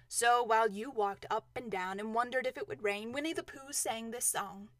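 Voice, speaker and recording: Female storybook reader, high-pitched, calm and unhurried. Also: no echo, clean studio sound. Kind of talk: storybook reading.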